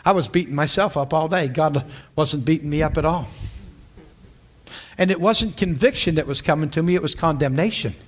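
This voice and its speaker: A man's voice: a little high, moderate pace. A man from western Pennsylvania preaching, telling a personal story with repeated words and check-ins with listeners. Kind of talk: sermon storytelling.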